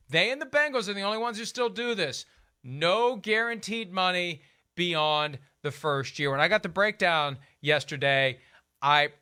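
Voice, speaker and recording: A man's voice: a little high, bright, forceful tone, clear, resonant tone, dry recording, studio quality. A man hosting a sports talk show, explaining contract details in a casual, methodical way. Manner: detailed, explanatory, runs through contract numbers. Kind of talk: casual sports analysis chat.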